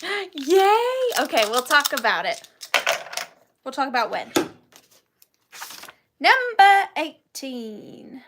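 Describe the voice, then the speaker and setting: A woman's voice: high voice, sing-song, slow, long pauses, pushed and bright, a little hiss or hum. A woman hosting a live vintage sale online, chatting casually and rambling happily to her viewers. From Georgia, US. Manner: chatty, rambling, giggly, talks to viewers by name. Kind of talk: casual live-stream selling chat.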